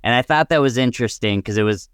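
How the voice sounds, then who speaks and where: A man's voice: mid-range voice, quick pace, clear, resonant tone, dry recording, studio quality. A young man co-hosting a casual podcast chat, laid-back and wry, steering the talk back on track. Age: young adult. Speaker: co-host.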